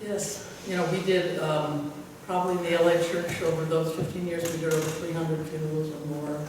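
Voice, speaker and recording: A woman's voice: low-pitched, level tone, brisk. An older woman pastor tells stories in a rambling, chuckling manner, her talk full of fillers. She is picked up from a distance in a church hall with a long echo, and faint noise hangs underneath. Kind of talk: anecdotal storytelling in conversation.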